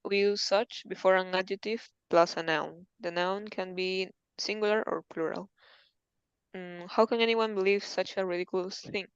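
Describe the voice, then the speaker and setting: A woman's voice: mid-range voice, steady tone, moderate pace, clear, resonant tone, dry recording, dull audio. A woman student reading textbook passages aloud in an English lesson, carefully and with hesitant fillers.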